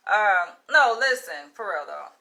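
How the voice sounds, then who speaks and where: A woman from Florida telling a story to her followers in a casual vlog, blunt and profane, with an animated delivery. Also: mid-range voice, a little slow, gravelly, poor audio. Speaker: vlogger.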